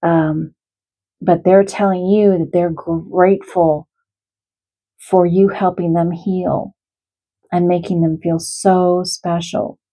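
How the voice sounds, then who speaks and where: A woman who is an animal communicator and card reader, giving a spiritual card reading to viewers in a gentle, heartfelt and reassuring way. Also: fairly low pitch, level tone, slow, rough recording.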